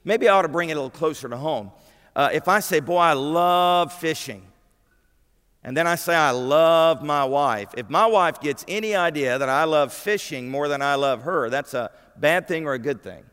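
A man's voice: on the high side, lively intonation, a little fast, fairly bright tone, in a large hall. A man preaching a sermon, emphatic and putting questions to his congregation. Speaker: pastor. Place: church sanctuary.

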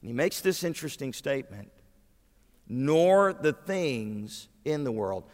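A man's voice: mid-range voice, sing-song, a little slow, in a large hall. A man preaching a sermon, emphatic and putting questions to his congregation. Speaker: pastor. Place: church sanctuary.

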